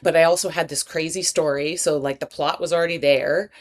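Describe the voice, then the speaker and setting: Woman in her 40s, podcast guest, low voice, candid and animated, replays her own past lines. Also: fairly quick. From Los Angeles area, United States. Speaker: podcast guest, writer and breathwork teacher. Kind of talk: candid storytelling in a podcast interview.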